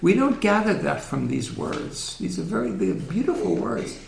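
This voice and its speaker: Gravelly man lecturing in a roomy hall. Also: high-pitched, sing-song, moderate pace, a crowd in the background. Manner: gentle, reflective, asks the audience questions. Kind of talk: interactive religious lecture. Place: synagogue hall.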